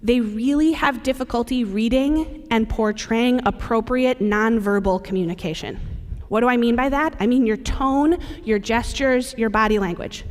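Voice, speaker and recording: A woman with a somewhat high voice gives a conference talk and speaks to the audience in a relaxed, joking way. Her voice rings out with the long reverb of a large hall. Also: normal speed. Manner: conversational and humorous, addressing the audience directly. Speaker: presenter at a safety conference. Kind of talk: conference presentation.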